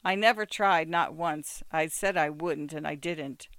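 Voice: medium pitch, measured pace, a bit bright, clear, resonant tone, no echo. A reader voicing a proud, guarded woman who speaks precisely and with brittle irony to a former lover, in a dry recording.

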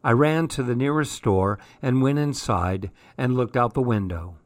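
A man reading a spooky children's story aloud, measured and steady. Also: mid-range voice, no echo. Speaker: story reader.

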